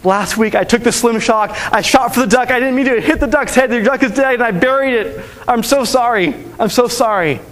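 A man's voice: extremely high pitch, normal speed, few pauses, a bit bright, voice pushed up. A man voicing a guilty young boy earnestly confessing to his grandmother, in a sermon story. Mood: pleading.

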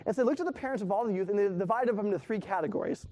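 A man's voice: sits high, racing, dark tone. A man preaching to his church in a conversational sermon, repeating phrases for emphasis. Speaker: pastor.

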